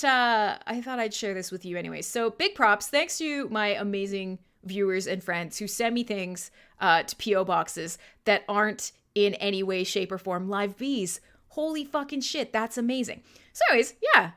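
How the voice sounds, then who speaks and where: A woman's voice: medium pitch, expressive, normal speed, bright, forceful tone. A Canadian woman hosting a live radio stream, chatting casually and irreverently with listeners, swearing freely and laughing often. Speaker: radio show host.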